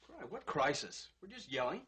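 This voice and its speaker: An actor playing a wry, exasperated young husband and lawyer, with a husky voice and dry, teasing delivery in a 1960s film comedy. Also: male voice, fairly high pitch, sing-song, moderate pace, sharp tone, exaggerated voice. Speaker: husband in a marital argument.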